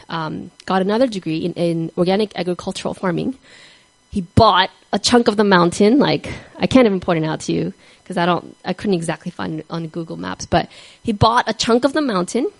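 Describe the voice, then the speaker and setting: An earnest woman tells a sermon story at a middle pitch, and she sometimes sinks to a hushed whisper for emphasis. The recording is dry and close. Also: gravelly, dry recording, low-quality recording. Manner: earnest, drops to a soft whisper on key words. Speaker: speaker giving a devotional talk.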